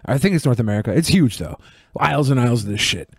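A man's voice: medium pitch, lively intonation, fast talker, husky, no echo, studio quality. A man co-hosting a podcast in casual chat, telling rambling stories with a wry edge. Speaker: podcast co-host.

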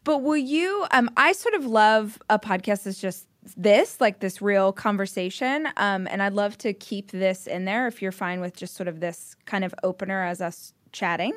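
A woman's voice: medium pitch, moderate pace, hardly any pauses, dry recording. A woman hosting a podcast, chatting casually with many fillers as she asks a question. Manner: chatty, filler-heavy, warm laughs. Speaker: podcast host. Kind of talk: casual interview chat.

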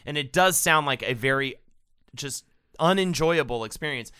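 A relaxed male podcast co-host who tells the story in easygoing chat and drops casual swearing. His voice is bright and smooth at a middle pitch. It is recorded close and dry. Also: moderate pace, no room sound.

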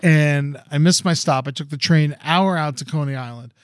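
A man's voice: on the high side, moderate pace, no echo, studio quality. A man co-hosting a casual chat, telling a long story with lots of swearing and acting out quotes in a raised voice. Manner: animated, profane, acts out quotes in raised voice. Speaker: podcast co-host.

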